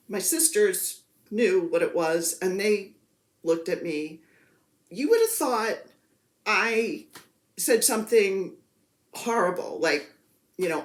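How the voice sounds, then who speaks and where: A woman's voice: medium pitch, lively intonation, slow pace. Woman rambling about her stitching, kinda self-deprecating, roomy echo. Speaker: cross-stitch vlogger. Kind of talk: casual show-and-tell chat.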